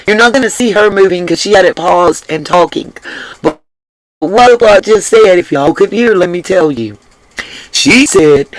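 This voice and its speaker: Effusive high-voiced man reacting to a video. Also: unhurried, no room sound, rough recording. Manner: effusive, emphatic, repeats phrases. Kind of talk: casual reaction commentary.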